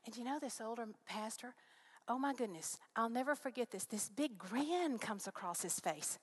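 A middle-aged woman speaking to a congregation, telling her faith story in an earnest, animated way, voice rising when excited. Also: a little high, moderate pace, breathy edge. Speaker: guest speaker. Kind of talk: testimony sermon.

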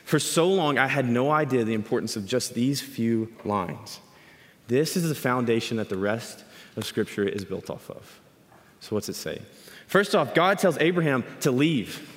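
A man's voice: mid-range voice, moderate pace. Man preaching a sermon in a reverberant hall. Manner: animated storytelling, acts out quoted voices. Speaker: speaker teaching scripture.

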